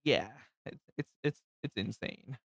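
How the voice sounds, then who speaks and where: A man's voice: medium pitch, a little slow, vocal fry, fairly bright tone, no echo, studio quality. A young man from eastern India, Bengali native, with an Indian accent, chatting casually on a livestream, rambling with laughs and repeated words. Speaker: streamer.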